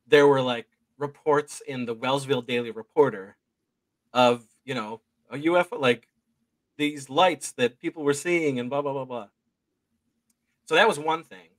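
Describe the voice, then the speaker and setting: Slow rambling man in his forties. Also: mid-range voice, fairly bright tone, no room sound. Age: 40s. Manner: rambling, slow delivery with many fillers. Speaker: guest filmmaker. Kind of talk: casual storytelling.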